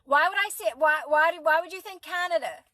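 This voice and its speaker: Her voice is very high, fairly bright, and brisk: an adult woman from Philadelphia, a mom and manifestation coach, reassuring livestream viewers. She responds to comments by calling people by name, in a dry recording.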